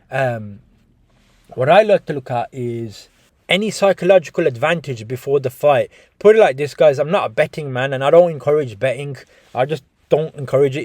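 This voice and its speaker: A young boxing analyst chats through a casual fight breakdown, restarting frequently, swearing and repeatedly calling his viewers "guys". His voice is on the high side and a little mellow, in a dry recording.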